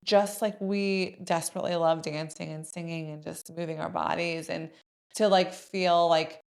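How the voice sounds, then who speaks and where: A woman co-hosting a podcast, telling stories in a lively, casual way, acting out quoted lines and saying "like" a lot. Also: lowish voice, moderate pace, gravelly. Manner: animated storyteller, acts out quoted lines, says "like" a lot. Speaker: podcast co-host. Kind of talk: casual chat.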